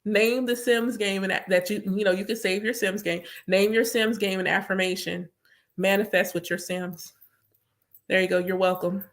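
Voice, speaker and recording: A chatty woman spiritual reader talks casually to her viewers. She is emphatic and keeps repeating her points. Her voice sits at an ordinary middle pitch. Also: steady tone, moderate pace. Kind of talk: casual live chat to viewers.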